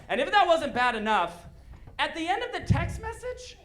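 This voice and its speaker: A man doing a stand-up comedy set on stage, animated and breaking into shouted punchlines. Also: very high-pitched, a little fast. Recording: live show with audience laughter. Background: crowd laughing.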